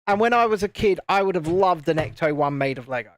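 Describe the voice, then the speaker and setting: A man's voice: fairly high pitch, lively intonation, brisk, no echo. Chatty man on a live stream. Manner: chatty, rambling, self-interrupting. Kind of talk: casual live-stream chat while building Lego.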